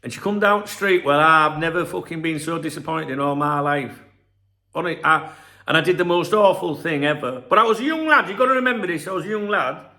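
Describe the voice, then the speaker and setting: High-voiced rambling man. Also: expressive, fairly quick, sharp tone. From England, Scarborough. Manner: rambling, profane, storytelling with asides. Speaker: football channel host. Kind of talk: casual vlog monologue.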